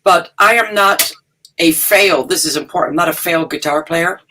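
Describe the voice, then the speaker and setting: Bright-voiced older woman chatting on a call. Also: lowish voice, fairly quick. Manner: chatty, laughing, emphatic. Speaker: guest musician. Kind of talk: casual interview chat.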